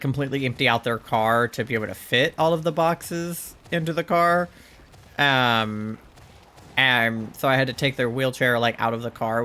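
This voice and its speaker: A man's voice: medium pitch, pushed and bright. A man streaming a game, chatting casually and rambling, with frequent swearing and lots of "like" and "um". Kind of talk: casual chat while gaming.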